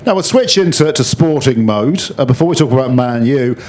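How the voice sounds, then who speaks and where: A man's voice: medium pitch, expressive, a little fast, a little mellow, slight background noise. A man interviewing a guest on a festival stage, chatty and jokey with a teasing edge. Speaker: interviewer, music journalist. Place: festival chat tent before an audience.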